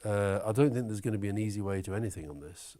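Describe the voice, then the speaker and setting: A man talking as an interview guest, opinionated and animated, swearing now and then. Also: lowish voice, fast talker. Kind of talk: conversational interview.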